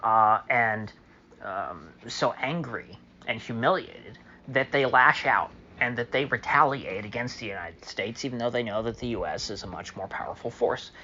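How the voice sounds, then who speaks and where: A man's voice: medium pitch, moderate pace, bright, forceful tone, highs cut off, a little hiss or hum. A man delivering a solo opinion monologue as a political commentator, sarcastic and mocking, with many fillers.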